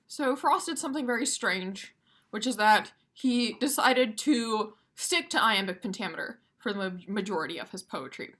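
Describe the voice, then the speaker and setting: A woman's voice: mid-range voice, bright, forceful tone. A woman teaching poetry for exam review, casual and emphatic, tapping out rhythms aloud.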